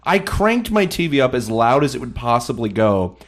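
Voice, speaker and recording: Male film podcast co-host, animated intonation, sarcastic rant with profanity. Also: mid-range voice, moderate pace. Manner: ranting, sarcastic, swears. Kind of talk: casual film review chat.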